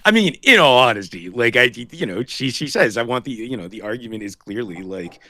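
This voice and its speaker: A man's voice: medium pitch, lively intonation, fairly quick, sharp tone, dry recording, studio quality. A man co-hosting a podcast, weighing in thoughtfully with hedging fillers in casual chat. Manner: thoughtful, hedging with you know and like. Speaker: podcast co-host.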